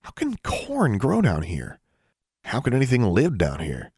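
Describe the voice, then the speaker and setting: A woman's voice: a bass voice, huge pitch swings, unhurried, darkish tone, breathy edge, no echo, studio quality, voice pushed up, heavily acted. A man voicing a curious, eager young witch girl who keeps asking questions. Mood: urgent.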